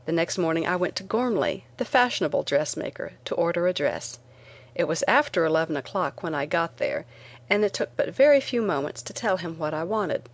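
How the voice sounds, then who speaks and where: Low-voiced woman reading an audiobook. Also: animated, brisk. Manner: clear storytelling, first person. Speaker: narrator.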